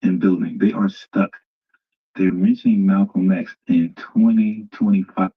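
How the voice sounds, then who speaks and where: A man's voice: low voice, fairly even intonation, measured pace, breathy edge, dull audio. A man hosting a livestream, mocking a debate clip and talking straight to his viewers in casual commentary.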